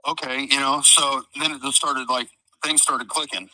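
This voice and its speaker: In a low-quality recording, a man with a Midwestern American accent speaks at normal speed in a sharp, mid-range voice with fairly even intonation. An interviewee and trial witness, he rambles through a story with many fillers, swears freely, and acts out what people said.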